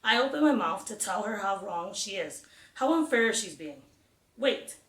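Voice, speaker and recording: Female audiobook narrator, steady expressive first-person reading, roomy echo. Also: mid-range voice, normal speed. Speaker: audiobook reader.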